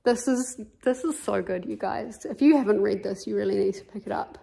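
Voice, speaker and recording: Kiwi woman rambling bout her book, lots of ums, gravelly fry in her voice. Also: medium pitch, fairly quick, dark tone. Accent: New Zealand. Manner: chatty, filler-heavy, openly indignant. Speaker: book vlogger. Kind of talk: casual reading vlog chat. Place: at home with her cat.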